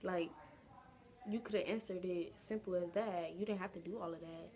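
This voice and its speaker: A woman's voice: lowish voice, fairly even intonation, moderate pace, dark tone. A young adult woman telling a casual storytime vlog, chatty and slangy, drawing the story out. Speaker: vlogger.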